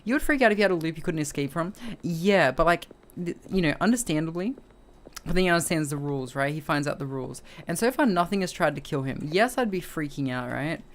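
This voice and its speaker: A woman's voice: deep voice, lively intonation, fast. A woman, chatting casually as a streamer while reviewing a film, ending her sentences with "right?". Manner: acts out the character with short mumbled lines and cries. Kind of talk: casual chat.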